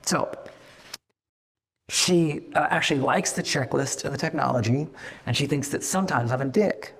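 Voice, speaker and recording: A middle-aged man, a company founder, talking fast and casually to his staff, swearing freely and acting out little voices as he goes. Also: mid-range voice, creaky, slightly rough, in a large hall. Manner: fast, profane, animated, acts out voices. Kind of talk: casual meeting talk to staff.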